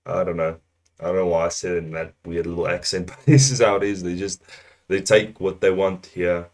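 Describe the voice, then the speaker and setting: A man's voice: deep voice, fairly quick, a little mellow. A South African man giving casual, joking commentary as he reacts to a video, laughing often.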